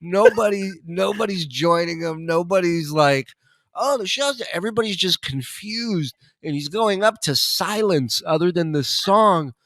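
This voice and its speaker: Recorded in a clean studio with no echo, a man guesting on a podcast spins a long comic story, cursing freely and laughing along the way. His animated voice sits high and moves unhurriedly with hardly any pauses.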